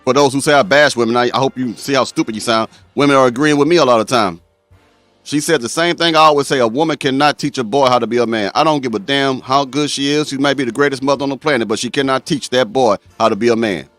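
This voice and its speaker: A man's voice: medium pitch, quick pace, fairly bright tone, no echo, soft background music. A man hosting a live-stream talk show, speaking bluntly and straight to his viewers. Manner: blunt, addresses viewers directly.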